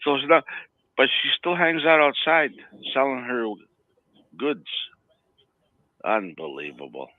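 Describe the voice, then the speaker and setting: A man's voice: medium pitch, sing-song, unhurried, long pauses. A man telling rambling stories in a casual chat as co-host, often stammering and laughing. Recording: dry, phone-like line.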